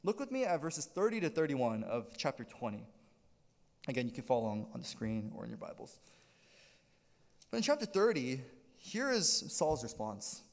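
A man preaching a sermon as pastor, in an animated style that keeps checking in with the congregation. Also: mid-range voice, moderate pace, creaky, pauses often, long reverb tail. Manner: animated preaching with frequent "right?" check-ins. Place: church sanctuary.

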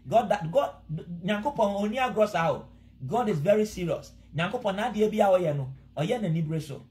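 Casting: Ghanaian male preacher, high voice, earnest and pleading sermon delivery. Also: expressive, brisk, darkish tone. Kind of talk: sermon mixing Twi and English.

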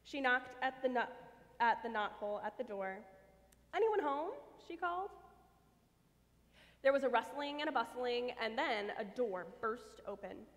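In a church sanctuary, a woman reads a children's story aloud with a lively, expressive delivery. Her voice is a little high and her pace moderate, and the space adds a long reverb.

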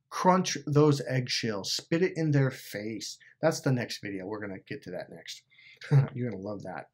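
A man's voice: mid-range voice, fairly quick. A man speaking to camera in a casual, emphatic rant, swearing often and repeating himself. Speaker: YouTuber.

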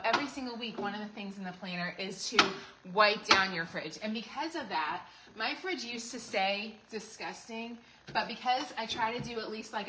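A middle-aged woman with a voice on the high side chats to livestream viewers while cleaning out her fridge in her home kitchen, with background noise audible. A home organizing vlogger, she keeps things casual and full of asides and fillers.

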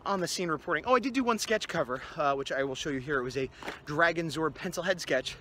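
A man's voice: on the high side, lively intonation, fast, pushed and bright. A man chatting casually and offhandedly while vlogging on the scene at an outdoor convention. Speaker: artist and convention vendor. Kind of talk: on-the-scene vlog.

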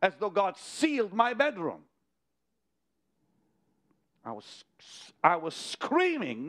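A man preaching a sermon, telling a vision story with dramatic swings from hushed to loud. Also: sits high, wildly swooping pitch, slow pace, long pauses. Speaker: televangelist. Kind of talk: sermon to partners.

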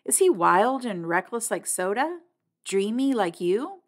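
A woman voicing a curious, gentle teenage girl in an audiobook reading, coaxing. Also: medium pitch, big pitch swings, a little slow, voice pushed up.

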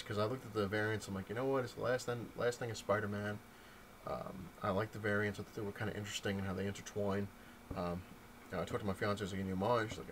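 A man casually talking through a comic book storyline, rambling with frequent ums and restarts and animated retellings. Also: lowish voice, quick pace, slight background noise, poor audio. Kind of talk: casual comic review talk.

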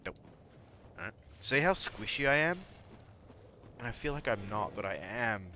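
A man's voice: medium pitch, expressive, moderate pace, pushed and bright, slight background noise. A man streaming a game live, chatty and jokey, talking to his chat and taunting enemies. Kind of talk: live gameplay commentary.

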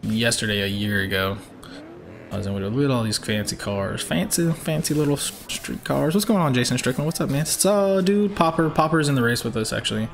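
Casting note: young guy, upbeat live streamer, mid-pitched, faint hiss behind. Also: a little fast, creaky. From Georgia, US. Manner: upbeat, chatty, reads out viewer names. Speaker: game streamer. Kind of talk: live-stream chat while racing.

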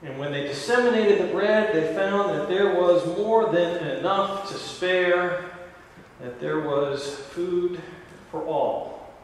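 A man's voice: sits high, takes it slowly, slight background noise. A male pastor preaching a sermon in a conversational way, with asides and quoted dialogue. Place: large church sanctuary. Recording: echoey church hall from far off.

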